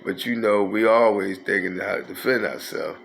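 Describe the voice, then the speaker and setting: A man's voice: fairly low pitch, moderate pace, gravelly, a bit bright, a little hiss or hum. A man, telling a rambling, profane street story in a casual way. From North Philadelphia. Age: 50s.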